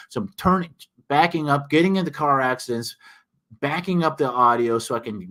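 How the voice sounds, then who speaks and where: A man's voice: mid-range voice, brisk, fairly bright tone. An older man with a Northern US accent, talking emphatically in a casual ranting monologue as an author hosting a livestream. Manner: emphatic, ranting, frequent restarts and fillers.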